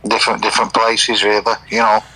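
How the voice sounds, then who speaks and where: Quiet husky guy on a voice chat, lowish voice, keeps it hushed and halting. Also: completely flat delivery, low-quality recording. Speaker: caller. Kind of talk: casual debate. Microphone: online audio chat.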